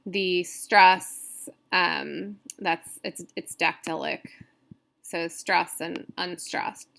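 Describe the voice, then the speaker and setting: Female poetry teacher, unhurried and a little gravelly, thinks aloud and corrects herself mid-lecture. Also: fairly low pitch, steady tone, fairly bright tone. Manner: counts stresses aloud. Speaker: poetry instructor. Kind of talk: recorded screen-share lecture.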